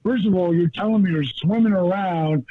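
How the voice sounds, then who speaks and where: A man's voice: sits high, normal speed, a little hiss or hum. A man guest chatting casually in an interview and telling his stories animatedly, often restarting his words. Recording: tinny phone-line audio.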